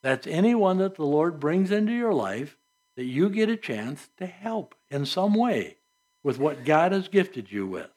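A man preaching a sermon as pastor, reading scripture and adding earnest, conversational asides with soft laughs. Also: a little high, sing-song, measured pace.

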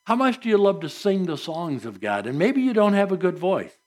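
A man's voice: sits high, very animated, a little fast, darkish tone. A man preaching a sermon at a church service, earnest and conversational, asking the congregation rhetorical questions. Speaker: pastor.

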